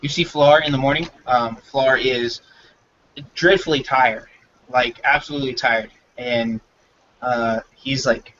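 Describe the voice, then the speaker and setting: A man's voice: medium pitch, fairly even intonation, measured pace, a bit bright, muffled recording, slight background noise. A man running a tabletop game as game master, narrating loosely with lots of fillers.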